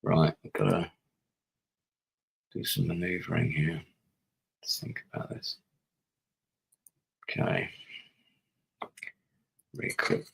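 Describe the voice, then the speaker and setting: A deep, gravelly man in middle age, talking his way through a strategy game on a live stream. He mutters and thinks aloud to himself, his voice a touch husky. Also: fairly even intonation, slow pace, long pauses, a bit bright, rough recording. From England. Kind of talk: casual gaming commentary.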